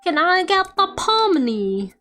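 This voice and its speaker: A woman putting on the high, sing-song voice of a small child with a British accent calling for a parent. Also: sing-song, slow, fairly bright tone, faint music behind, exaggerated voice. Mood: pleading.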